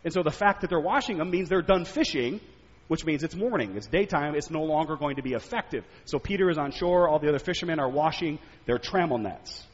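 A male preacher giving a sermon, telling stories and asking animated rhetorical questions. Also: on the high side, fairly quick, husky. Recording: echoey hall, dull lo-fi sound.

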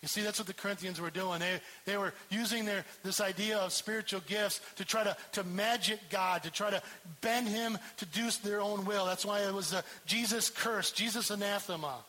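Man, pastor, sermon, emphatic, repeats words, high voice, bright tone. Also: normal speed, hardly any pauses, poor audio.

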